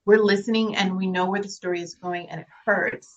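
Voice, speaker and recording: A woman's voice: medium pitch, steady tone, fairly quick, lo-fi sound. A woman actress talking earnestly and emotionally about her work, laughing through tears at times. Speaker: actress guest. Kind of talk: emotional interview talk.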